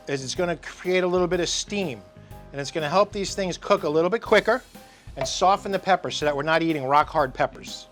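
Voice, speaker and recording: A man hosting a casual cooking demonstration at an outdoor grill, chatty and enthusiastic, talking straight to the camera. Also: fairly high pitch. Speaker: cooking show host.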